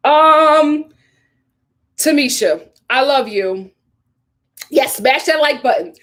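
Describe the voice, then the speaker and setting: A woman hosting a casual live stream, reading viewer comments aloud and reacting with opinionated chatter, laughs and sudden high squeals of surprise. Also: lively intonation, slow pace, a bit bright. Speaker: live stream host reviewing a reality show. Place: home in a hot city.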